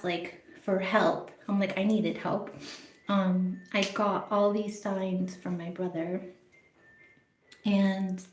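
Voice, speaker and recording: A woman telling a casual, rambling story on social media, excited and swearing often, in a busy mall. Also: medium pitch, echoey room. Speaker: vlogger. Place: public place in a busy mall.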